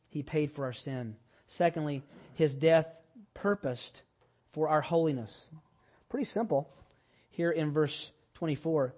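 A man preaching a sermon, telling a personal story and rising to loud, emphatic preaching. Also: fairly high pitch, muffled recording. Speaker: pastor.

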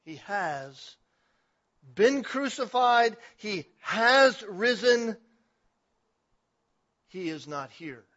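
A man's voice: fairly high pitch, moderate pace, few pauses, a bit bright. A man voicing a male angel who commands and urgently repeats himself. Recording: dull lo-fi recording.

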